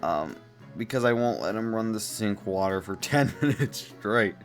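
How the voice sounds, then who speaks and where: A man's voice: lowish voice, lively intonation, normal speed, soft background music. A man reading out posts and reacting in disbelief, laughing and rambling with fillers in casual commentary.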